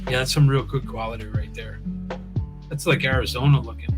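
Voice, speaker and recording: A man chatting on a live stream, rambling and animated and acting out the people he quotes. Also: mid-range voice, fairly quick, loud music behind the voice, poor audio. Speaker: co-host. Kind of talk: casual live-stream chat.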